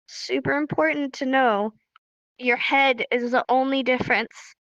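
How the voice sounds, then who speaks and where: Leading a relaxed livestreamed sign language class, a young woman speaks in a high, bright voice at a slightly slow pace. She's lively, laughs readily, and goes over key points more than once for emphasis. There's no echo, and the sound is dry and somewhat dull in a lo-fi way.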